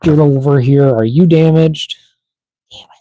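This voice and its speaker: A man's voice: on the high side, steady tone, measured pace, background noise. A man chatting casually to himself while unboxing toys on a live stream, muttering as he fiddles with the packaging. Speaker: toy collector streamer.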